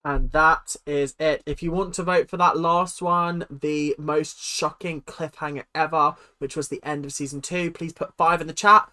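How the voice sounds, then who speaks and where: A woman's voice: low voice, fairly even intonation, moderate pace, few pauses, sharp tone. A young British woman hosting a live stream awards show, chatting casually with viewers and reacting dramatically. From United Kingdom.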